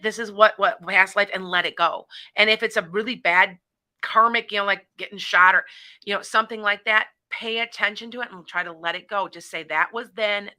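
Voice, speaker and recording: On an internet radio call-in show, a middle-aged woman who hosts as a psychic chats in a rambling way and often restarts her sentences. Her mid-range voice sounds pushed and bright.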